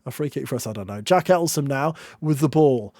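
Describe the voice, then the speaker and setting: A young man commentating on his own football management game, excitable, with groans and shouts at near misses and goals. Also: medium pitch, brisk, dry recording. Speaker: gaming YouTuber.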